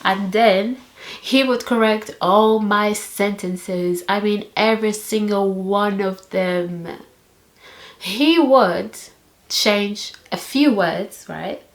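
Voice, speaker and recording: A woman's voice: mid-range voice, takes it slowly, reverberant. Sassy young woman. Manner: animated, sassy storytelling. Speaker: vlogger. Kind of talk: storytime vlog.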